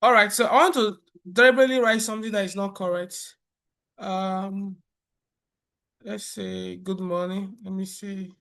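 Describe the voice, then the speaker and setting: A man presenting a software tutorial over a screen recording, explaining step by step in a relaxed way with fillers and restarts. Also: sits high, normal speed, vocal fry.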